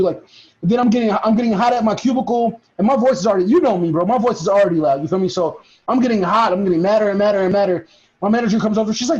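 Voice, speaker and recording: Brief: young man, high voice, animated storyteller who swears a lot, dull lo-fi audio. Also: quick pace. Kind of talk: casual chat. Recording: dull lo-fi recording.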